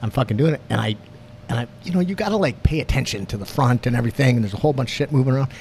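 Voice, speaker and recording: A man's voice: medium pitch, expressive, very fast, darkish tone, a little hiss or hum. A man hosting a podcast, chatting casually and telling stories with lots of swearing. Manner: swearing storyteller, acts out voices in his stories. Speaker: podcast host. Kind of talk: casual chat.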